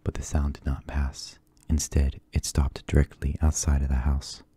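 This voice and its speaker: A man reading a spooky children's book aloud in a soft-spoken ASMR style, hushed and sometimes whispering. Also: extremely low pitch, flat delivery, normal speed, slight background noise. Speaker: ASMR storybook reader.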